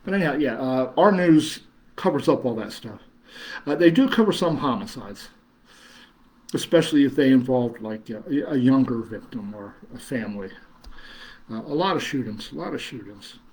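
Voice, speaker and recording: A man's voice: mid-range voice, lively intonation, normal speed, darkish tone. Rambling man, chatty host. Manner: rambling, chuckling, many fillers and restarts. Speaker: horror host reading live chat. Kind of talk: casual livestream chat.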